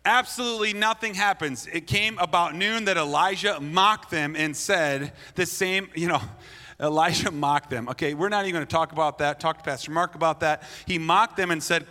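Man preaching, blunt, playful, bright forceful voice, slightly high, long hall reverb. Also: normal speed. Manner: blunt, playful, acts out quotes. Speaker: pastor. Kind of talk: sermon.

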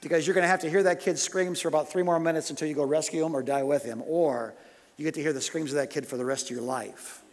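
A man preaching with passion, his slightly high voice carrying a long reverb as if in a big hall. He moves between loud rhetorical questions and quiet confessional stories. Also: fairly even intonation, fast. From United States. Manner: impassioned, swinging from loud urgent questions to hushed storytelling. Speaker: pastor. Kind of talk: sermon.

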